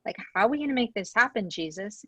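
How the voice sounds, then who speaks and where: A woman's voice: medium pitch, animated, fast talker, bright, forceful tone, slightly rough, no room sound. A woman voicing an anxious male disciple who negotiates and pleads about money. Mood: pleading.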